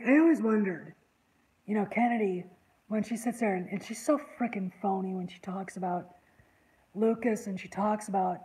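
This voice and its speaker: A woman hosting her own channel, talking with guests in loose, rambling chat. She sounds exasperated and indignant, with a mellow, warm tone at an ordinary pitch. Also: low-quality recording. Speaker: online channel host. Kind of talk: casual panel chat.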